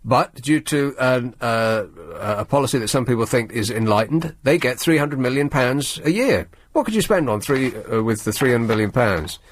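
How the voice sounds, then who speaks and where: A male radio host, talking in a sardonic, rambling, halting way in the studio. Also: mid-range voice, lively intonation. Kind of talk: late-night talk radio monologue.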